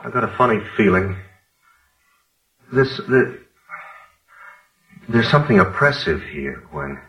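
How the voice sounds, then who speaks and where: An actor playing an uneasy American writer and husband who talks in a halting, hesitant way. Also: male voice, lowish voice, very animated, fairly bright tone, roomy sound, heavily acted, rough recording. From United States.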